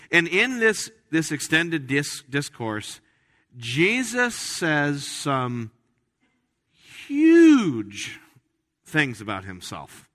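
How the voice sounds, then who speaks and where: A man preaching a sermon as pastor, emphatic and animated, with frequent restarts. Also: mid-range voice. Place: church sanctuary. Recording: reverberant church hall.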